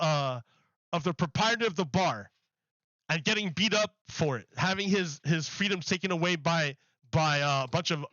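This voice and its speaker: A man's voice: a little high, pushed and bright, no room sound, highs cut off. A man chatting casually on a livestream while gaming, rambling and filling his talk with "like". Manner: rambling, heavy use of "like".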